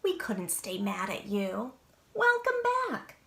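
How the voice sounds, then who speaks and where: Exclaiming storybook grown-ups, lively pitch, put on by a woman reader. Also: slow, vocal fry, echoey room, exaggerated voice. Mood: forgiving. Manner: loud and exclamatory. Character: scolding then forgiving grown-ups.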